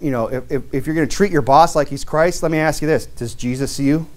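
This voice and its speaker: A man's voice: fairly high pitch, quick pace, a little mellow. A middle-aged man, a deacon, preaching a sermon in a loose, conversational way, telling stories from his old jobs and often asking "right?". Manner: conversational, anecdotal preaching with frequent "you know" and "right?". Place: church sanctuary.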